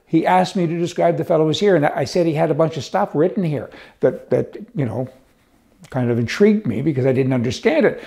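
A man's voice: on the high side, a little fast, gravelly, mellow. An older man hosting a talk show, rambling through folksy jokes and stories in a casual way, with frequent restarts. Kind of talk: casual joke-telling and commentary.

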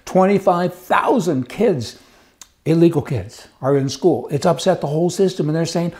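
A middle-aged man delivers a casual political commentary monologue in a folksy, joking way. His voice sits a little high and sounds mellow and relaxed. He slips into mock voices with plenty of sarcasm. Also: normal speed. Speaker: commentary host.

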